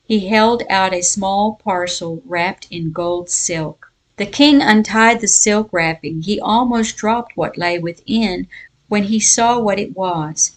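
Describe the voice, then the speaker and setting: Woman telling a moral story, measured. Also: mid-range voice. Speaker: Bible teacher. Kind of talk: devotional talk with a read-aloud folk tale.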